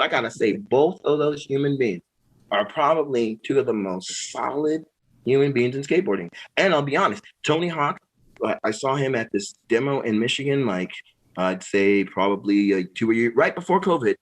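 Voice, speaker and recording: A middle-aged man, a guest on an interview show, telling stories in a relaxed way, laughing often and acting out what others said. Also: mid-range voice, a little fast, breathy edge, poor audio. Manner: animated, laughing storyteller who acts out quoted voices. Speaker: guest, pro skateboarder and musician. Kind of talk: casual interview storytelling.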